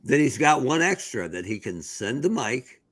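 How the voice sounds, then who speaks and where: A man's voice: medium pitch, sing-song, normal speed, a bit bright. A man co-hosting a podcast, teasing and laughing often. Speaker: podcast co-host. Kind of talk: casual podcast chat.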